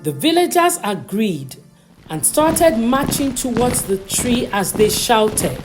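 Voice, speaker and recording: A woman narrating a bedtime storybook in a slow, expressive reading voice. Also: on the high side, music in the background.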